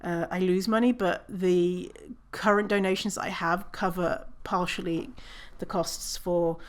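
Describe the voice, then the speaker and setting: A woman's voice: fairly low pitch, fairly even intonation, measured pace. A woman hosting her own podcast, talking casually on her own, swearing and laughing at herself. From British Columbia, Canada. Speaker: podcast host. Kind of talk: casual solo podcast talk.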